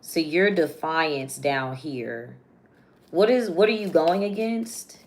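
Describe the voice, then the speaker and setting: A young woman doing a casual, chatty live tarot reading, slangy and quick to laugh. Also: sits low, lively intonation, slight background noise. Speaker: tarot reader.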